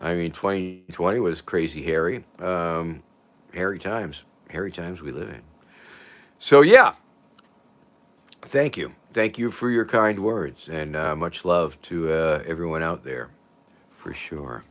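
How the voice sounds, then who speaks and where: An older man hosting a casual livestream, rambling and chuckling as he reads out viewer comments, his voice drifting from loud to quiet. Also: deep voice, measured pace. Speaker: livestream host.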